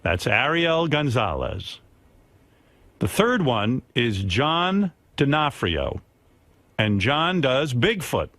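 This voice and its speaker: Lively, laughing radio host man. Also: medium pitch, takes it slowly, no room sound. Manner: playful, laughs often. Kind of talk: radio show banter.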